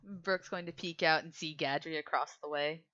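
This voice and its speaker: A woman narrates a tabletop game as game master, her voice bright and fairly low. She talks in a loose, halting way with sighs and fillers. The audio is a little dull and lo-fi. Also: fairly even intonation.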